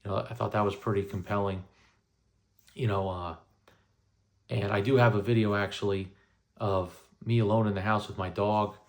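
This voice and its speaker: With a fairly low, steady voice, a man in his thirties tells a rambling story about his own paranormal encounters. He speaks at normal speed, pauses often, and keeps tossing in "you know" and "right?".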